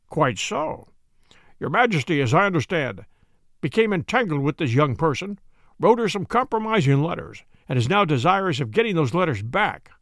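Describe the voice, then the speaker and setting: A man's voice: sits high, a bit bright, no room sound, full character voice. A man reading the part of a cool, languid detective with dry, clipped remarks.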